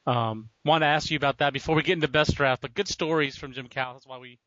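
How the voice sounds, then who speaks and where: A man hosting a podcast, chatting casually with halting starts and restarts. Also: medium pitch, steady tone, sharp tone, dry recording. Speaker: podcast host. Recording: dull lo-fi dry podcast audio.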